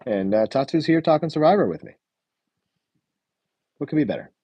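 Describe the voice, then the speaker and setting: A man's voice: a little high, lively intonation, a little fast, mellow, slightly rough, no room sound. A young man hosting a live show review stream, chatting casually with lots of fillers and answering his chat. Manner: rambling, many fillers, reads live chat.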